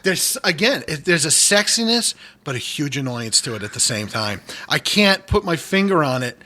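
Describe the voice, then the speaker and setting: Bright chatty guy from new england, kinda high voice, rambling jokey podcast banter. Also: sing-song, normal speed. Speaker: guest co-host.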